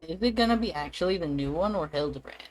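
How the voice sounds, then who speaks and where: A woman streaming live, tossing off quick, chatty reactions to the story on screen. Her voice is on the low side, and soft music plays faintly beneath her. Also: lively intonation, rough recording. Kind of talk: live gaming stream commentary.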